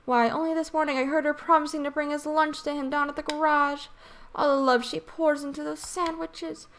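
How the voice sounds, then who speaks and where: A woman's voice: sits high, little pitch movement, fairly quick, a bit bright. A woman voicing a gossipy, kindly old neighbor woman as she reads a game's dialogue aloud, in a fussy, confiding way. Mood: gossiping. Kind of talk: reading game dialogue aloud.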